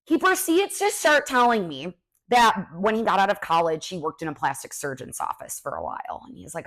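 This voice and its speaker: A young adult woman hosting a podcast, telling personal stories in a casual, animated way with lots of "like" fillers. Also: medium pitch, fairly quick. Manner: chatty, animated, many "like" fillers. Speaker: podcast host. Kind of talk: casual storytelling chat.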